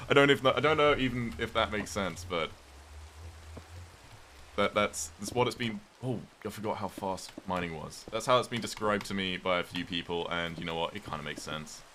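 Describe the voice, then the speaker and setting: A young man with a British accent talking through a live game stream in a loose, rambling way, answering chat and thanking viewers. His voice sits low but sounds bright and forceful. Faint rain patters behind him. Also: moderate pace, slight background noise. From Britain. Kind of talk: casual livestream chat while gaming.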